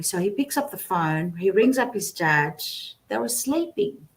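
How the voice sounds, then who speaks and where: Animated woman telling a story. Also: medium pitch, measured pace, hardly any pauses. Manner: animated, lots of restarts and self-corrections. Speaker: guest psychic. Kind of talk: storytelling in a casual interview. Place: remote guest, at home.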